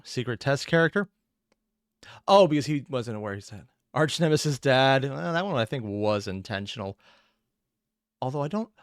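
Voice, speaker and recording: A man's voice: mid-range voice, dry recording, clean studio sound. A man giving casual reaction commentary, rambling and opinionated with self-deprecating asides. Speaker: reaction streamer.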